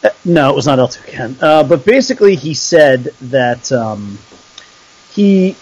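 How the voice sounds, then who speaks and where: A man co-hosting a casual sports talk show, laid-back and quick to react. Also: mid-range voice, big pitch swings, a little mellow, husky, highs cut off. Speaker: podcast co-host.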